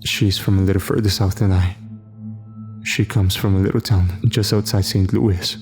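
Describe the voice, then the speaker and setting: A man narrating a horror story in measured first-person storytelling. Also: sits low, fairly even intonation, over music.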